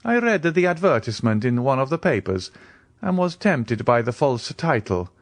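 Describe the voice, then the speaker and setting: A man reading aloud as a nonchalant aristocrat, cool and commanding as he closes a purchase. The voice moves a lot in pitch, and the audiobook recording is dry and close. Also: normal speed, no room sound. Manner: calm, offhand, commanding. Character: cool, wealthy nobleman buying a house.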